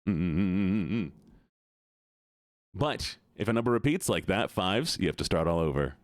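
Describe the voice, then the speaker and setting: Playful male streamer, lively voice. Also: low-pitched, brisk, dry recording, clean studio sound. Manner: playful, teasing, greets chat by name. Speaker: livestreamer. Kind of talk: casual live-stream chat.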